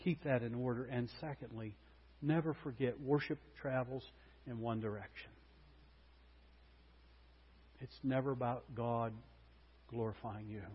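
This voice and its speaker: A man preaching a sermon, moving between loud proclamation and hushed intensity. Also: mid-range voice, steady tone, moderate pace, breathy edge. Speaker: pastor. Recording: muffled sound with long hall reverb.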